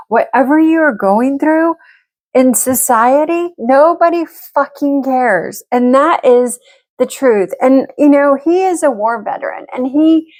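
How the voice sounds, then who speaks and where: A middle-aged woman venting frankly and emotionally to camera as she gets ready, swearing freely. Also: mid-range voice. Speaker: vlogger. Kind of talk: candid talk to camera while getting ready.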